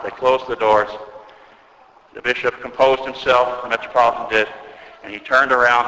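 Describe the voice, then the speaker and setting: A man preaching an earnest sermon as an Orthodox priest, telling a story and slowing down to stress key words. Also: mid-range voice, sharp tone. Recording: echoey church with long reverb.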